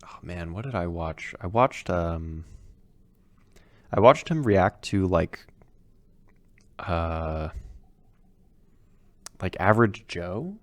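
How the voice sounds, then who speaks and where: A man's voice: low-pitched, takes it slowly, pauses often, no echo. A young man in casual podcast chat, reacting loosely and swearing a lot. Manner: reactive, swears, interjects with dude and laughs. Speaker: podcast co-host.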